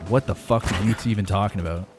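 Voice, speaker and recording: A young man livestreams a game and chats with viewers, ranting emphatically with plenty of swearing. His fairly low voice moves at a quick pace over music.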